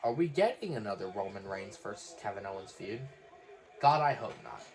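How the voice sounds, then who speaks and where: A man calling a wrestling match live with a friend, in quick, excitable play-by-play and dry jokes. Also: lowish voice. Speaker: wrestling watch-along host. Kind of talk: casual live reaction commentary.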